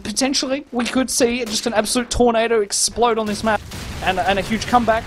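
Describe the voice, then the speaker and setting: A man casting a live shooter match over an internet voice link, excitable, laughing often and tripping over repeated words. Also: very high voice, brisk, a little hiss or hum. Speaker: esports caster. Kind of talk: live game commentary. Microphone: home internet voice chat.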